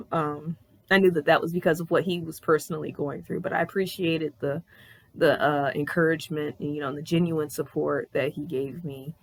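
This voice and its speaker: A woman in her thirties telling a personal story on her vlog in a candid, animated way, swearing freely. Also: low voice, gravelly. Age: 30s. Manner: candid, profane, animated retelling. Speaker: vlogger.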